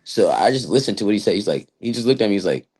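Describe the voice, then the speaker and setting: A man telling a story in a rambling, animated way, laughing between lines. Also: lowish voice, very fast, slightly rough. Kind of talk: casual storytelling chat.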